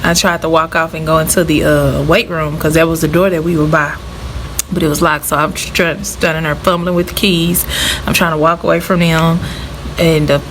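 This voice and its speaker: A woman's voice: low voice, flat delivery, normal speed, slight background noise, poor audio. A young woman vlogging to camera, a former teacher telling her story in a heartfelt, chatty way. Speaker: vlogger, former middle school art teacher. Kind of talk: casual talk to camera.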